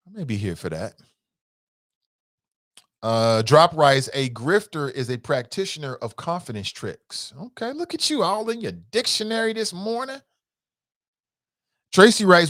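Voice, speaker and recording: Give me a middle-aged man, hosting a casual talk show. His pitch leaps and falls with lots of emphasis as he riffs on viewer comments. The sound is dry and close, with no room around him. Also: no echo. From United States. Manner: animated, emphatic, drawn-out repetitions. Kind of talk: casual live-stream talk.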